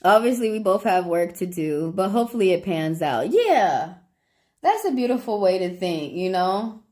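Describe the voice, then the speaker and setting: A woman's voice: medium pitch, sing-song, moderate pace, darkish tone. A woman with a Southern accent, chatting casually with viewers on a livestream as a tarot reader, talking freely, swearing and laughing often.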